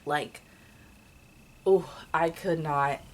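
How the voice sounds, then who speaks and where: Low-voiced young woman rambling casually. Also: a little slow, slight background noise. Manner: rambling, many fillers and restarts. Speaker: vlogger. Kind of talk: casual storytelling vlog.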